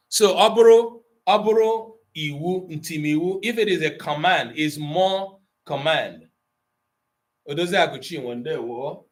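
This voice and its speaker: A man with an Igbo accent teaching an Igbo language class, explaining patiently and asking his students questions. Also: fairly high pitch. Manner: explains slowly, switching between Igbo and English, quizzing students.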